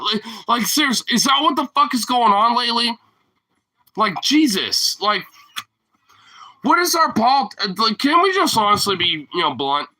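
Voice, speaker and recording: A man's voice: very high-pitched, big pitch swings, normal speed, bright, forceful tone, rough recording. A man ranting casually as a vlogger, rambling and profane, often laughing at his own points. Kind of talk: casual rant to camera.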